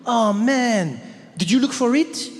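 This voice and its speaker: A man's voice: very high voice, expressive, takes it slowly, in a large hall, voice pushed up, exaggerated voice. A man putting on the voice of a laid-back young Parisian clerk with a French accent, upbeat and carefree. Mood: breezy.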